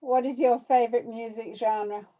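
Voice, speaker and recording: A female interview host, encouraging and upbeat, asking quick questions over a video call. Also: fairly high pitch, steady tone, lo-fi sound. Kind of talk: interview, rapid-fire questions.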